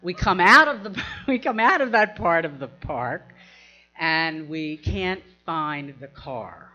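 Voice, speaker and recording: Lady telling a funny story, keeps laughing, bright sharp voice, dull lo-fi recording. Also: on the low side, expressive, slow, faint music behind. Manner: laughs often while telling, acts out quoted voices. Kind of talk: personal anecdote told to an audience.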